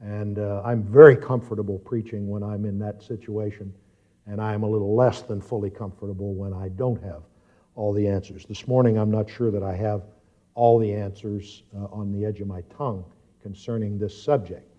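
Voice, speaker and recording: A man's voice: fairly low pitch, steady tone, moderate pace. Emphatic male preacher, lo-fi recording. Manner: builds from quiet, reflective talk to loud, emphatic reading and questioning. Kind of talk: sermon. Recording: dull lo-fi sound.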